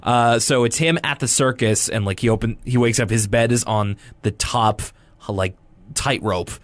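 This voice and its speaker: A man's voice: medium pitch, normal speed, no echo. A young man co-hosting a podcast, casually recapping a cartoon episode with jokes and rambling asides. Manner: rambling, joking, animated quoting. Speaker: podcast co-host.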